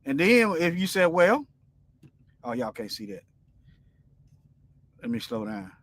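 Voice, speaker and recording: A man's voice: medium pitch, sing-song, measured pace, fairly bright tone. A man giving informal Bible teaching on a livestream, talking in a colloquial, rambling and emphatic way while he reads viewer comments.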